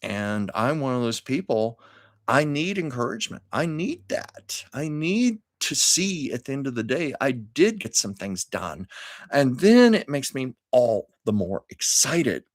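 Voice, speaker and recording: A man's voice: unhurried, dry recording, studio quality. A man hosting a casual livestream, chatting earnestly and encouragingly with viewers as he reads their comments. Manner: earnest, encouraging, lively pitch swings. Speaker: livestream host.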